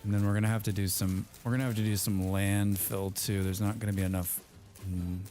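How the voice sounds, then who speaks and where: A man's voice: lowish voice, flat delivery, a little fast, warm tone, soft background music. Rambling man playing a game. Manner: rambling, repeats words, playful. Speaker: let's play host. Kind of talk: casual gameplay commentary with friends.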